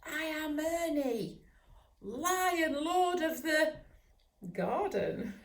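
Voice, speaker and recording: A woman voicing a small, eager young male poodle who dreams of being a lion, talking in an excitable, boastful way. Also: high voice, extremely slow, reverberant, far from the mic, pitched above the performer's own voice, full character voice. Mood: excited.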